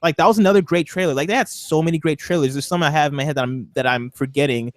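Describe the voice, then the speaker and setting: A man co-hosting a podcast in a casual group chat, rambling excitably with lots of fillers. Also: a little high, fast, no room sound. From Seattle. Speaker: podcast co-host.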